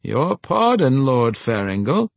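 A man voicing a kindly, courteous old male steward in an audiobook, speaking formally and gently. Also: medium pitch, sing-song, unhurried, vocal fry, slightly rough, no room sound, full character voice. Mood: firm.

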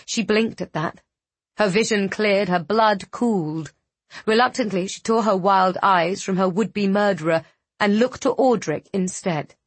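A woman narrating a fantasy novel with measured, dramatic storytelling. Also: mid-range voice, husky, no echo. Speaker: audiobook narrator.

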